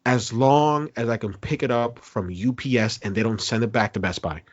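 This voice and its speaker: A man co-hosting a podcast and telling a long gripe in casual chat, animated and profane, acting out what he said. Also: mid-range voice, moderate pace, husky, no echo. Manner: animated, profane, acts out his own quotes. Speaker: podcast co-host. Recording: dull lo-fi podcast recording.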